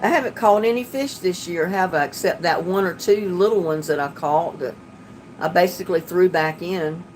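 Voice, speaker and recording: Her voice sits on the low side with a slightly mellow quality, moving at a moderate pace over slight background noise. She's an older woman running a relaxed home livestream, going through viewer comments and chatting warmly about doing her own repairs.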